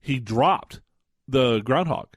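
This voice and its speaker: Male radio co-host, mid pitch, dry sound, rambling and jokey. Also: animated, takes it slowly, slightly rough, no echo. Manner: rambling, many fillers and restarts, jokey. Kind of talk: casual radio chat.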